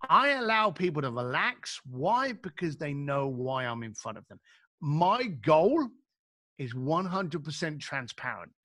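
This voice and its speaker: A man's voice: fairly high pitch, very animated, unhurried, pushed and bright, no room sound, studio quality. A middle-aged man, an author guesting on a podcast, telling stories in a blunt, emphatic way and acting out the voices of people he quotes. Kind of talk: animated conversational storytelling.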